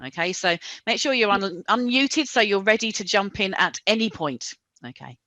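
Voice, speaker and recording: A woman's voice: medium pitch, moderate pace, bright, forceful tone, no room sound. A woman facilitator who explains an online role-play training step by step in a chatty way. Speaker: workshop facilitator. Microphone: video call.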